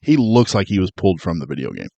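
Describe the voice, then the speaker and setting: A man's voice: low-pitched, very animated, quick pace, creaky, warm tone, no room sound, highs cut off. A man co-hosting a movie podcast in casual chat, joking and doing mocking impressions. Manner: jokey, does mocking impressions. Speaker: podcast co-host.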